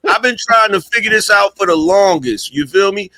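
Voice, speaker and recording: A man's voice: high-pitched, moderate pace, sharp tone. A man teasing his friends in casual, joking banter over a video call, repeating words as he builds up to his point.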